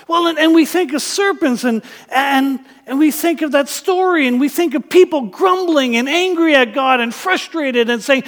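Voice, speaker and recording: Preacher, male, very high voice, animated storytelling delivery, echoing sanctuary. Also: moderate pace. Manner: animated retelling, voicing characters, rising to loud passages. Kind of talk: sermon. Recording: long church reverb.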